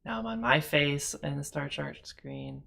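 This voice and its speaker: Chatty stream host with a gravelly voice. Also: mid-range voice, expressive, a little slow, sharp tone. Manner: chatty and rambling, laughs often. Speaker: host of a streamed tabletop game show. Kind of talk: casual chat on a live stream. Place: home streaming setup with two monitors.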